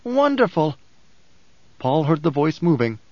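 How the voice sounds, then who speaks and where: A man reading an audiobook in a measured, steady narration. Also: on the high side, dry recording. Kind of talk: scripted narration. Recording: dull, dry audiobook recording.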